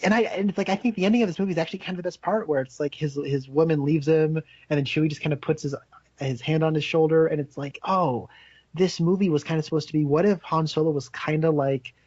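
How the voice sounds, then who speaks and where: A man's voice: fairly high pitch, quick pace, darkish tone, no echo, lo-fi sound. A man co-hosting a podcast in casual chat, rambling and laughing as he acts out quotes. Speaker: podcast co-host.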